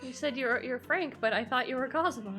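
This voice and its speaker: A woman chatting casually on a game stream, giggly and playful with quick jokes. Her voice is bright, with faint music in the background. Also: sits high. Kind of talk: casual chat while playing a game on stream.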